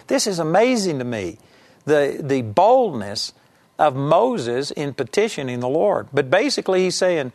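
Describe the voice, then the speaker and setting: A man's voice: fairly high pitch, sing-song, measured pace. A man giving a televised Bible teaching, emphatic and rising sharply when he voices quoted pleas.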